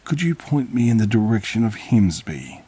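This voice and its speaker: A man's voice: fairly low pitch, big pitch swings, moderate pace, dark tone, slightly rough, voice pushed up. A man voicing a gnarled, hunched old male creature with a thick Buckinghamshire accent, overly polite, sly and grinning. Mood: politely sly.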